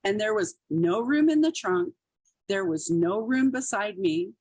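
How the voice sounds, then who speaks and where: A woman's voice: medium pitch, expressive, a little slow, darkish tone, slightly rough, no room sound. A woman comedian and actress, telling stories as a podcast guest in a chatty way full of fillers. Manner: chatty, many fillers like "like" and "you know". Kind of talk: casual storytelling.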